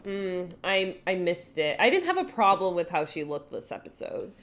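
A woman's voice: lowish voice, very animated, normal speed, fairly bright tone. A woman co-hosting a podcast, recapping a TV episode in casual chat with a dry, wry manner. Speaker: podcast co-host.

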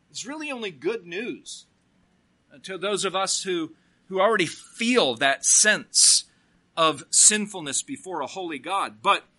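A male pastor delivering a sermon at an unhurried pace. His voice sits high and rings very bright and forceful, and he slows down to press on key words as he reads scripture aloud. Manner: preaching slowly, reading scripture aloud with emphasis.

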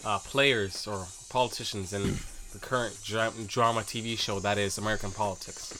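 A man's voice: fairly low pitch, fairly even intonation, moderate pace, sharp tone, soft background music. A man co-hosting a podcast, rambling in casual crude banter with many fillers. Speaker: podcast co-host.

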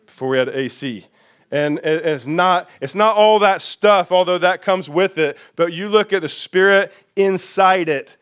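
A pastor preaches in a smooth, resonant voice that sits high for a man. He leans on repetition and keeps tossing questions out to his congregation. The setting is a church sanctuary. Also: a little slow, a bit bright. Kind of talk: sermon.

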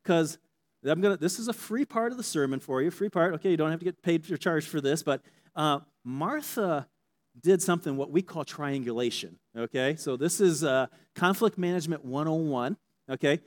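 In a fairly high voice at ordinary speed, a pastor preaches with animation and a conversational feel, pausing often to check in with listeners.

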